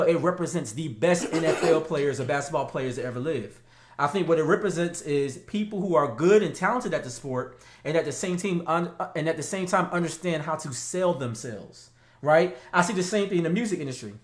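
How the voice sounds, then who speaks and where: A man co-hosting a casual talk show, animated and slangy, laughing often. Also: on the high side, echoey room. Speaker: podcast co-host. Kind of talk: casual chat.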